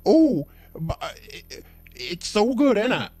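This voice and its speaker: A man voicing an excitable male shop customer and father who gushes and insists, using folksy broken grammar. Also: sits high, slow pace, slightly rough, no room sound, pitched above the performer's own voice, full character voice. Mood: gushing, insistent.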